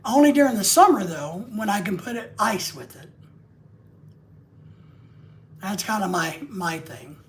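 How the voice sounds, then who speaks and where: A man's voice: high voice, lively intonation, moderate pace, a little hiss or hum. A man hosting a live stream, rambling and joking casually with crude asides.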